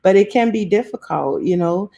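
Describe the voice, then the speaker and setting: A woman's voice: medium pitch, moderate pace, vocal fry, warm tone. A woman from New Orleans with a New Orleans accent, chatting casually with viewers on a live stream and often laughing. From New Orleans, USA. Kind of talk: casual live chat reading comments. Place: South Florida home.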